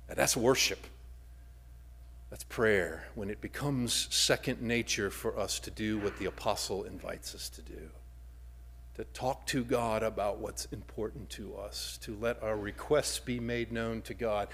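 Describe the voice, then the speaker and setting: Dynamic male preacher, loud to hushed. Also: fairly low pitch, a little slow. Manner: dynamic preaching, swings from loud emphasis to near-whisper. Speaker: pastor. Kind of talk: sermon.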